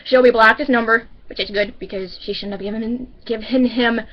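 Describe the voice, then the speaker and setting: A woman's voice: on the high side, fairly even intonation, normal speed, muffled recording. A woman telling a story about work in a casual, rambling way, often correcting herself. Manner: rambling, self-correcting, chatty. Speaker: grocery store bagger.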